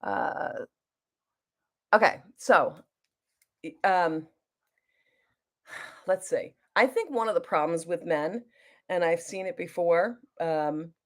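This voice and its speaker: A woman's voice: fairly low pitch, slow pace, long pauses. A middle-aged woman chatting casually as she does her makeup and reads viewer comments aloud. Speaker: beauty vlogger. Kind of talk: casual get-ready-with-me chat.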